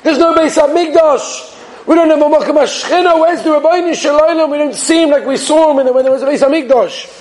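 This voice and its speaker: A man voicing a fervent old rabbi who mourns with deep emotion, in a told tale. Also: fast talker, darkish tone, reverberant. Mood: impassioned. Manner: impassioned, emotional.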